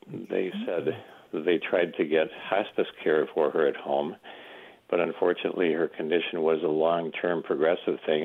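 A man calling in to a talk show and recounting a relative's hospital case in a measured way. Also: sits low, gravelly. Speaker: caller. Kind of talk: call-in radio question. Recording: tinny phone line.

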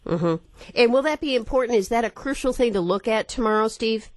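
A woman hosting a public radio call-in show, conversational and clearly spoken into a studio microphone. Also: a little high, a little fast, darkish tone, dry recording. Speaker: radio talk show host.

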